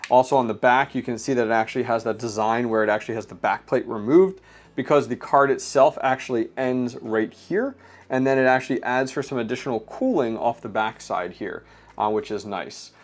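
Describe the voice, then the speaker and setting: Man, mid-pitched voice, casual home vlog, chatty, lots of ums and uhs. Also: brisk. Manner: chatty, filler-heavy, explains hardware step by step. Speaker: crypto mining channel host.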